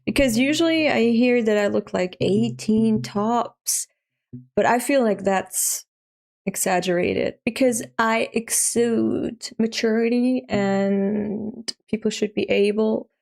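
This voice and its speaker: A woman in her thirties from Europe talks to her live stream in a loose, chatty way. She laughs often and swears offhand. Her voice carries a gravelly fry. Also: on the high side, slow, darkish tone. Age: 30s. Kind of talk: casual live-stream chat.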